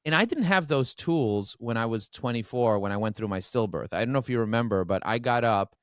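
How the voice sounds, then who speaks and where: A man's voice: medium pitch, expressive, fairly quick, clear, resonant tone, no room sound, clean studio sound. A man guest on a podcast, speaking openly and emotionally, often restarting his sentences. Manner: emotional, open, many restarts. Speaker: podcast guest, business owner. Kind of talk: candid interview talk. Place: standing while talking.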